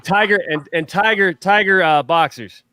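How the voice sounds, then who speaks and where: A man's voice: sits high, moderate pace, crowd noise. A man who is a guest on a casual sports livestream, joining by video call and cracking jokes and teasing the others. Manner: wisecracking, teasing. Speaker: guest, fan captain.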